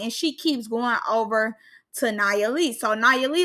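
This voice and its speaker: A woman's voice: fairly high pitch, unhurried, sharp tone. A young woman giving casual, opinionated reaction commentary on a reality show, with lots of filler words. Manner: chatty, opinionated, filler-heavy.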